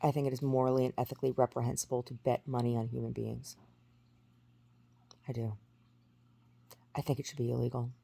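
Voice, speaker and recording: A woman in her forties tells a long personal story in a casual, rambling way, circling back and restarting often. Her voice is gravelly with a husky edge and a warm, mellow tone. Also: very deep voice, flat delivery, a little fast, pauses often. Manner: rambling, many restarts and fillers. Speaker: vlogger.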